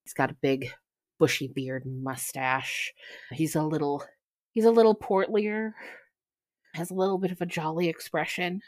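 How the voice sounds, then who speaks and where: A woman narrating as game master in a tabletop role-play, unhurried and halting, with giggly asides. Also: deep voice, fairly even intonation, a little mellow, no room sound, studio quality.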